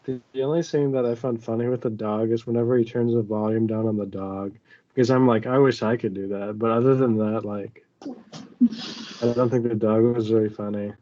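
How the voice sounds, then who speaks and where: A man's voice: medium pitch, fairly even intonation, moderate pace, mellow. A young man adds short, dry remarks to a casual film review chat. His voice comes through a slightly dull, muffled recording. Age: young adult. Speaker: panel reviewer.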